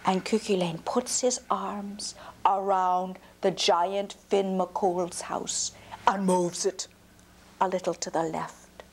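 Woman reading a folk tale to a kid, slow and unhurried, hushed whispery bits. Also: mid-range voice, steady tone. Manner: drops to whispers for suspense. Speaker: storyteller. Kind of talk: telling a folk tale aloud to a child.

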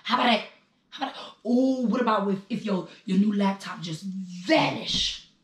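A woman's voice: mid-range voice, normal speed. Blunt, threatening woman in an echoey room. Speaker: girlfriend. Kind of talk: casual heated banter.

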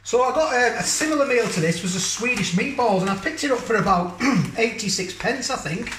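A man's voice: very high-pitched, expressive, fairly quick, fairly bright tone, a little hiss or hum. A man chatting casually in a food review vlog from his home kitchen, rambling and tacking tag questions onto his sentences.

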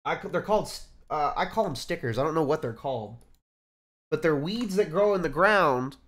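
A Texas man with a Texas accent, joking with friends on a stream. His pitch swings widely as he talks, and he swears freely with a Southern drawl. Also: expressive, brisk, fairly bright tone. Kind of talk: casual chat with friends.

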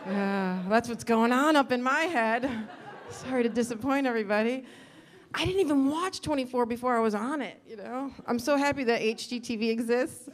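A woman's voice: fairly high pitch, fairly quick. A middle-aged woman doing a stand-up comedy set on a club stage, rambling and self-deprecating, acting out quotes. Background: audience laughter.

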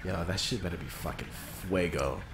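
A man's voice: deep voice, fairly quick, creaky. A man bantering and telling crude stories while watching a friend play a game, with lots of laughing. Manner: animated, crude, laughing storyteller. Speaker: co-host of a game stream. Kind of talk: casual banter while gaming. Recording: echoey room with faint noise.

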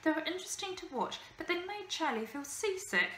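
A woman teacher reading a children's novel aloud with lively, expressive storytelling. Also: very high voice, a little fast, slight background noise. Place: school room. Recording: echoey room, faint ambience.

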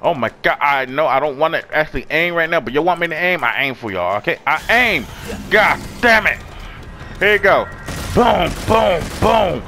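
A young man hosting a casual let's-play, reacting with excitable, profane outbursts over game audio. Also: fairly high pitch, moderate pace, creaky, a little hiss or hum. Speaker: gaming channel host. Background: game audio and music.

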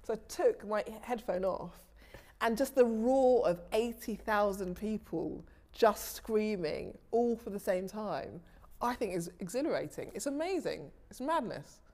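Animated woman telling stories in an interview. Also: mid-range voice, measured pace. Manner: animated, restarts sentences, laughs easily. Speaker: TV director, interview guest. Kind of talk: casual interview storytelling.

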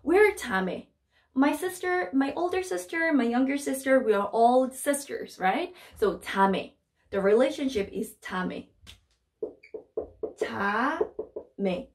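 A young woman with a Korean accent, a native Korean speaker, teaching vocabulary in English and repeating each word slowly to drill it. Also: sits high. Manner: slow repetitive drilling of words. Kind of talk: vocabulary lesson.

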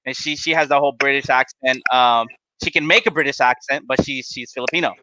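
A man hosting a casual business podcast, talking in an energetic coaching tone and asking rhetorical questions. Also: medium pitch, fairly quick, no echo, rough recording. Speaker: podcast host.

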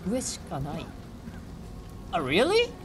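Excitable woman streamer reacting to gameplay. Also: high voice, measured pace, vocal fry, background noise. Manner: excitable reactions, switching between Japanese and English. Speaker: game streamer. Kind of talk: live gameplay commentary.

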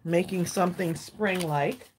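A woman's voice: on the low side, measured pace, background noise. A woman, chatting casually to viewers as a craft channel host from her home craft room, a little out of breath. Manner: chatty, addresses viewers as y'all. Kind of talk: casual live-stream chat.

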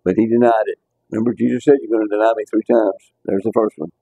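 A man's voice: lowish voice, steady tone, fast, vocal fry, mellow, husky, no room sound, dull audio. A man teaching a casual Bible class, talking conversationally and repeating words as he restarts his sentences.

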